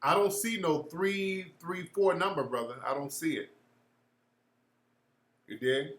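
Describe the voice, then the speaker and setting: A man's voice: fairly high pitch, a little slow, fairly bright tone, roomy sound. A man hosting a casual livestream chat, answering viewers in a blunt, slangy, profane way.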